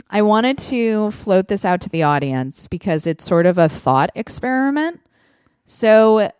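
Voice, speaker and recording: A woman's voice: lowish voice, clear, resonant tone, dry recording. Chatty woman podcast host, dry sound. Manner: chatty, laughs often, lots of fillers. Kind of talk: casual chat.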